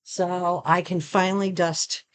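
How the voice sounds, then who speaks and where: A woman's voice: fairly low pitch, fairly even intonation, measured pace, slight background noise. A woman chatting casually through a product unboxing, showing each item as she talks. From Arizona. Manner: chatty, shows items while talking. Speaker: product review vlogger.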